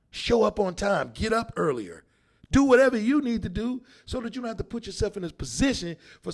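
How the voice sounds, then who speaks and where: A male podcast host giving an emphatic, theatrical monologue, sometimes shouting to make a point. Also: sits high, very animated, brisk. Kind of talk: animated monologue.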